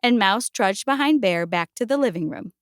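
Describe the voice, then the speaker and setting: A woman gently and expressively reading a picture book aloud. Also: mid-range voice, expressive, moderate pace, clear, resonant tone, dry recording, studio quality. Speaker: storyteller.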